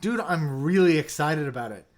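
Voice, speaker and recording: A young man hosting a casual livestream, chatty and excitable, reading viewer comments and dropping into mumbled asides. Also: a little high, moderate pace. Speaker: livestream host reviewing keyboards.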